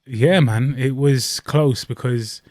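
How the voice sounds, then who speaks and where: A man co-hosting a podcast, bantering about fights in slangy, animated talk. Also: medium pitch, takes it slowly, no echo, clean studio sound. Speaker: podcast co-host.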